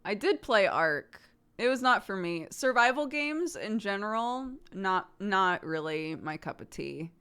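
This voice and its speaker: A woman streamer talks casually with her viewers, teasing them and poking fun at herself. Her pitch rises and falls constantly, and she breaks into laughter often. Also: lively intonation, unhurried, a bit bright, smooth. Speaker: livestreamer.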